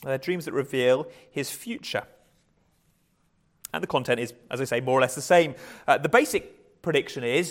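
A man's voice: medium pitch, normal speed. A man preaching a conversational sermon, often restarting words and chuckling lightly.

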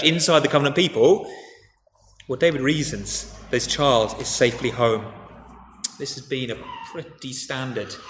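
Man preaching in an echoey church. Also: mid-range voice. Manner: conversational, animated retelling with frequent restarts. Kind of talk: sermon. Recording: echoey church hall with faint noise.

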